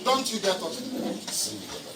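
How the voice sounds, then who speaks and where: A man's voice: high-pitched, huge pitch swings, takes it slowly, very noisy. A man, a defendant insistently protesting and repeating demands to the court. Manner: insistent, repetitive, shouting demands. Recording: distant echoey courtroom recording with crowd.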